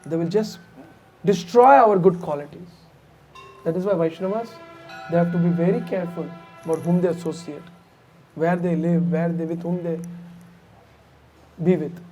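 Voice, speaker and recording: A man preaches in a fairly high but mellow, relaxed voice. He tells a scriptural story as a sermon, chatty and animated, often turning aside to address the listeners directly. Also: moderate pace, pauses often, soft background music. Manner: animated, conversational, with asides to the audience. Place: temple hall.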